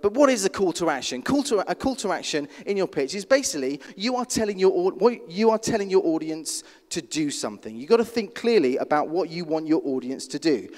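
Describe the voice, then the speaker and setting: Man coaching in a reverberant hall. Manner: deliberate, repetitive, checks in with frequent "okay?"; drops pitch and volume to land key points. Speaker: pitch coach at a startup conference. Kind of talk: live masterclass talk. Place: large conference hall.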